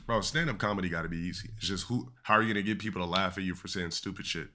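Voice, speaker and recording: Low-voiced man rambling to his chat. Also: rapid-fire, bright, forceful tone. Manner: rambling, profane, trails off mid-thought. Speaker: streamer. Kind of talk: casual rant to chat.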